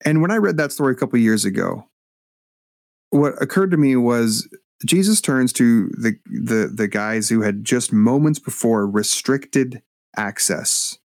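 A man, a guest author and minister, telling a story in a podcast interview with animated, halting delivery. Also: mid-range voice, no echo, clean studio sound. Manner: animated, acts out voices when retelling, halting restarts.

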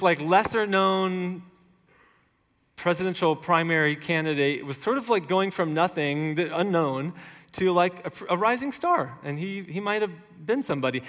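A man preaches a sermon in a loose, conversational way, full of everyday fillers. His voice sits a little higher than most men's. A long reverb trails each phrase. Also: fairly bright tone. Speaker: pastor.

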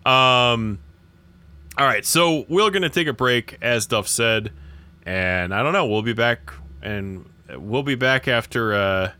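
A man's voice: mid-range voice, animated, takes it slowly, pushed and bright, clean tone. A man co-hosting a podcast, making teasing asides in casual chat and leading into the breaks. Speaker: podcast co-host.

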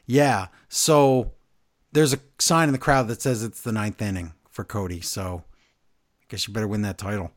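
Animated man recapping wrestling. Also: lowish voice, moderate pace. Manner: animated recapping, reads from his notes. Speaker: podcast co-host. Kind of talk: casual wrestling recap chat.

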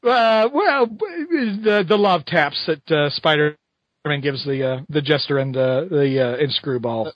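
A man reviewing a comic on a casual podcast, excitable and ranting with lots of fillers. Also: a little high, measured pace, no room sound, dull audio.

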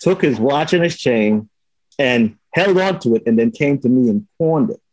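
A man in casual chat, telling a story in an animated way and acting out the lines of the people in it. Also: medium pitch, normal speed, no room sound, low-quality recording. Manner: animated storytelling, acts out quotes with swearing.

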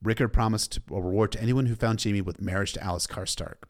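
A man's voice: lowish voice, fairly even intonation, quick pace. A man recapping a story in a casual, irreverent way, cursing freely. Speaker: book recap narrator.

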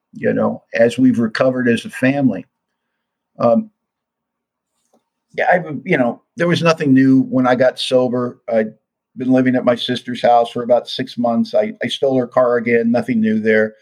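A man's voice: mid-range voice, a little mellow, poor audio. An older man giving an earnest, confessional talk about his own recovery. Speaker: recovery speaker. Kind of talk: personal testimony talk.

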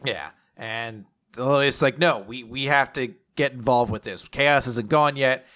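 Bright-toned man running a comics podcast. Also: medium pitch, a little slow. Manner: loose, filler-heavy, occasional swearing. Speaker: podcast host. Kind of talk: casual chat recapping comics.

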